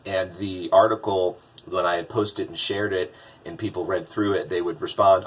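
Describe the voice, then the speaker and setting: A man speaks casually in a vlog, drawing on his work as a business coach. His voice is low and husky. He restarts sentences often and gets animated when quoting people, recorded from a distance. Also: moderate pace. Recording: distant mic.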